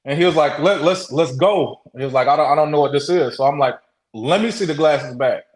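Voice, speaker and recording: A man guest telling a story in casual talk. He speaks haltingly, with many restarts, and acts out the quotes. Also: fairly high pitch, echoey room, rough recording. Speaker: interview guest.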